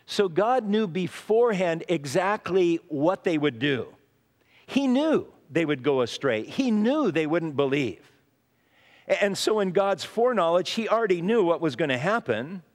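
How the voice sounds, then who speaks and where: A man preaching a sermon in an earnest way, acting out the voices in the passages he retells, with frequent restarts. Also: on the high side. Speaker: pastor. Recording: long hall reverb.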